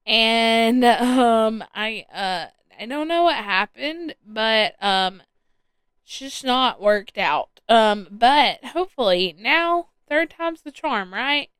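A woman's voice: on the high side, lively intonation, slow pace, fairly bright tone, clear, resonant tone, no room sound. A woman hosting her own podcast solo, chatting casually and rambling with plenty of ums and restarts. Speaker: podcast host. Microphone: headphones with a podcast mic.

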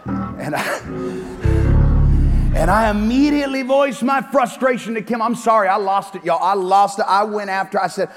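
High-voiced male pastor preaching in a hall. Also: normal speed, long pauses, soft background music. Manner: preaching, swinging from hushed asides to shouting. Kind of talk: sermon. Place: large church hall. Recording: long reverb of a church hall.

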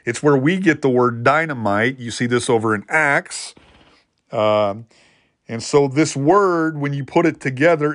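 A man's voice: fairly high pitch, no room sound, studio quality. A man preaching a sermon in an earnest teaching manner, lifting his voice to drive points home. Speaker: pastor.

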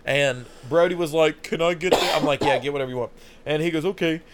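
A man's voice: on the high side, fast talker, background noise. A young man casually telling a funny, profane story on a podcast, laughing often. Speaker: podcast host.

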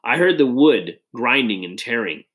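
A man reading a children's adventure story aloud in an expressive, dramatic way. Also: mid-range voice, normal speed. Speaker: audiobook reader. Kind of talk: storybook narration.

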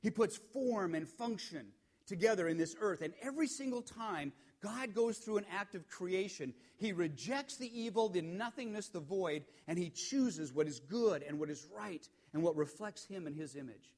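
Male preacher, a bit higher-pitched, storytelling sermon that swings between loud emphasis and near-whispers. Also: lively intonation, moderate pace. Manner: storytelling preacher, rising emphatic peaks and hushed drops. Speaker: pastor.

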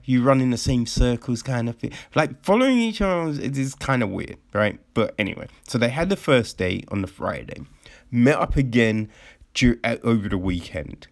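A man in casual chat, laughing often and swearing through animated rants. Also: medium pitch.

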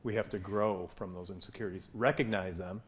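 A man's voice: low-pitched, steady tone, fairly quick, slight background noise. A man hosting a podcast, asking a guest questions with short supportive prompts. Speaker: podcast host. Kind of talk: interview questions.

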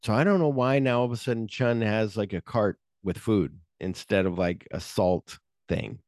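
A man's voice: lowish voice, normal speed, a little mellow, no room sound, clean studio sound. A man co-hosting a podcast, recapping a movie in casual profane chat and acting out the scenes in quoted voices. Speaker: podcast co-host.

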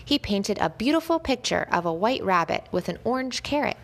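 A woman reading a children's story aloud, gentle and expressive, lifting her voice at the lively moments. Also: medium pitch, brisk, gravelly, noisy background.

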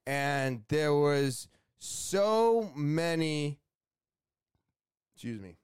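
Speaking extremely slowly yet animated, a man with a slightly high, clean voice hosts a podcast. He rambles bluntly through a casual rant, swearing and using lots of fillers, recorded in a clean studio with no echo.

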